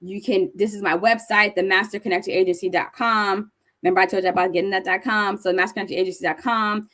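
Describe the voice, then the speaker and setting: A middle-aged woman from New Jersey giving a conference talk, high-energy and animated as she tells stories to the audience. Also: fast. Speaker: speaker presenting to an audience. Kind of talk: conference presentation.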